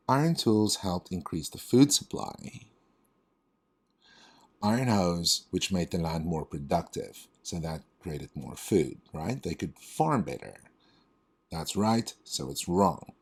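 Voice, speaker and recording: A man working through reading test questions aloud as a tutor, thinking out loud and correcting himself as he goes. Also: sits low, breathy edge.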